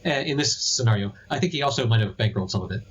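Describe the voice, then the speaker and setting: Man, podcast co-host, rapid casual chat, dry quips, lo-fi muffled recording. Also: mid-range voice, animated, slight background noise.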